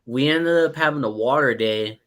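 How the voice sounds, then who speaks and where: A man's voice: medium pitch, moderate pace. Panelist, man, casual anecdote-teller, mid-range voice, acts out quotes. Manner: animated anecdote-telling with acted-out quotes. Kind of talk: casual chat.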